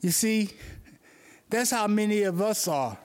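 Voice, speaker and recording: A man's voice: high voice, animated, measured pace. A male pastor preaching an earnest morning sermon, telling stories to make his points.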